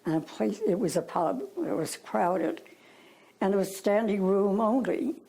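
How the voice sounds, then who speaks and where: An older Irish woman recalls her past in a rambling, hesitant way, full of fillers and asides. Her voice is gravelly and husky, with a mellow, dark tone, and her pitch sits on the low side for a woman. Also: measured pace, low-quality recording. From Ireland. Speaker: interviewee. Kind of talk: reminiscing storytelling.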